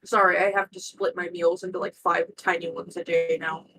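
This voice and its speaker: A woman playing a tabletop game, excitable and quick to swear and yelp in surprise. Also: on the low side. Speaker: player. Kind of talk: tabletop role-play chat.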